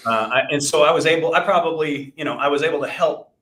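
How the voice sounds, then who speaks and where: A man's voice: a little high, fast talker, fairly bright tone. Man telling a rambling story. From Texas. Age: 40s. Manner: rambling, self-deprecating storyteller with many restarts. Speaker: podcast co-host, insurance agency owner. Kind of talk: casual chat and storytelling. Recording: roomy echo.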